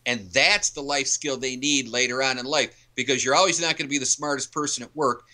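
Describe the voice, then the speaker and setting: This man is a guest in a casual interview. He speaks with a very bright, cutting tone and carries his points with earnest, emphatic storytelling. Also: mid-range voice, steady tone, a little fast. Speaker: author and youth coach, interview guest.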